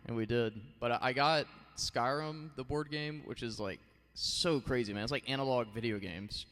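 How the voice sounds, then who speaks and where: A man's voice: mid-range voice, moderate pace, fairly bright tone, big-room sound. A man in his thirties chatting casually and rambling on a live stream, thanking his viewers and often saying "like" and "you know.". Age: 30s.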